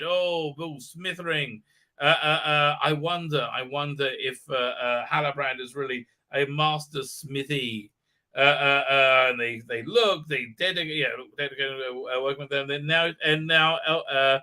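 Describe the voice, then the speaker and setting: A man's voice: a little high, unhurried, sharp tone. A man ranting through a profane, mocking recap on a live stream, stammering over fillers and mimicking characters. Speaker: show host recapping a series.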